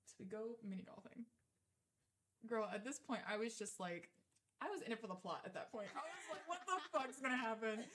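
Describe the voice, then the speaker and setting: A woman's voice: on the high side, lively intonation, brisk. A young woman in her twenties, co-hosting a podcast, telling a story in casual chat, swearing freely and acting out the quotes. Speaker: podcast co-host.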